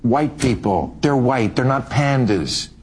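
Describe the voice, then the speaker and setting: A man's voice: mid-range voice, slow. A man giving a combative speech to an audience. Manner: combative, animated. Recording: crowd and noise behind.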